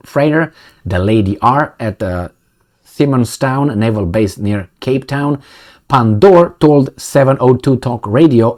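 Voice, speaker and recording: A man's voice: medium pitch, darkish tone. A man in casual commentary, reading news aloud and joking sarcastically. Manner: sarcastic and joking, laughs often. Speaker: political commentary vlogger.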